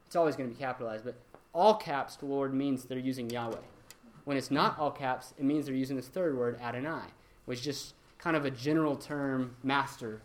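A young man teaching a church Bible class in a conversational way, with many ums and restarts. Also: mid-range voice.

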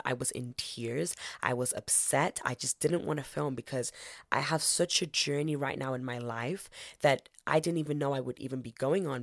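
Gravelly earnest man hosting a podcast. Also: mid-range voice, no room sound, studio quality. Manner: earnest, heartfelt, prayerful. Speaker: podcast host. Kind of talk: devotional podcast talk with spoken prayer.

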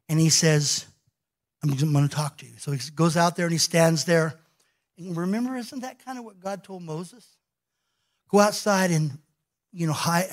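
A male pastor preaching a sermon, telling a scripture story in an animated way and acting out the quoted lines. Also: on the high side.

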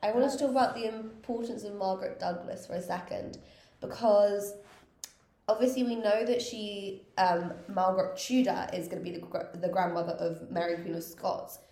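A woman's voice: medium pitch, fairly even intonation, normal speed, mellow. A woman co-hosting a casual history podcast, chatting loosely with many fillers and restarts. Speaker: podcast co-host. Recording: roomy echo.

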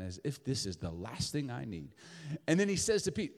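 A man preaching a sermon in a church, animated, acting out the voices of the people in his story. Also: mid-range voice, fairly quick, long reverb tail. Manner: animated, acts out voices of Peter and Jesus. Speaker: pastor.

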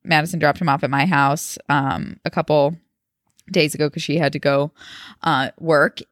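A woman in her thirties co-hosts a podcast, chatting casually, rambling, and laughing often. Her voice is low with fairly even intonation at a moderate pace, and the recording is dry with clean studio sound.

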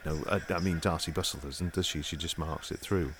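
A man's voice: extremely low pitch, fairly even intonation, fairly quick, noisy background. A man, an actor, chatting in improvised comedy, rambling and self-important, full of hesitations.

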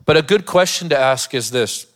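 A man's voice: medium pitch, lively intonation, normal speed. A man, a pastor, preaching a sermon in a church, mixing scripture with a humorous personal story and laughing often.

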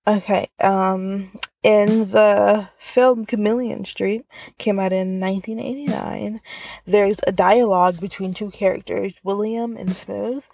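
A woman's voice: mid-range voice, fairly even intonation, a little slow, gravelly, a little mellow, dry recording. A woman hosting a casual solo podcast from inside her car, chatty and full of filler words. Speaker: podcast host.

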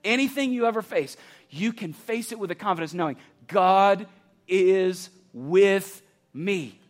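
A man preaching a sermon as pastor, building to passionate near-shouts and then dropping low and quiet. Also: animated, brisk. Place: church campus.

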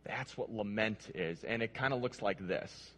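A man's voice: fairly low pitch, moderate pace, a bit bright, long reverb tail. A man preaching a sermon, reading scripture aloud and putting questions to his listeners, often repeating words as he goes. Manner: earnest, repeats words, asks the audience questions.

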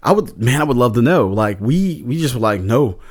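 A man's voice: mid-range voice, very animated, a little fast. A man casually recapping his tabletop game session as a podcast host, rambling with lots of fillers. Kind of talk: casual chat.

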